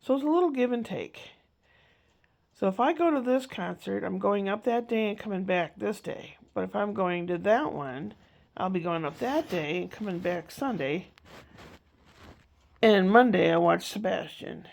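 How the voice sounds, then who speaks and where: Gravelly woman rambling at home. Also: mid-range voice, expressive, normal speed, darkish tone. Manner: chatty, meandering, self-interrupting. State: congested, coughing. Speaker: vlogger. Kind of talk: rambling casual chat.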